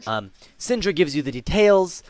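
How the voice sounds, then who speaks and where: A man's voice: a little high, big pitch swings, normal speed, darkish tone, dry recording. A man narrating a tabletop game as game master, casual and full of fillers.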